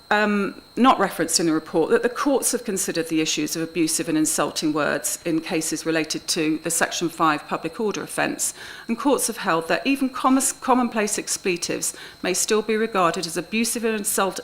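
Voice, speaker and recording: A woman officer giving a formal, measured presentation of a report at a council committee meeting in a council chamber. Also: lowish voice, a bit bright, low-quality recording. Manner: measured, precise, with small restarts.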